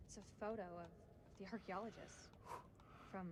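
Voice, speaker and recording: A woman's voice: mid-range voice, fairly even intonation, moderate pace, natural voice. An actress playing a blunt, impatient woman survivor in a game scene. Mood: terse. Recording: reverberant game scene with noise.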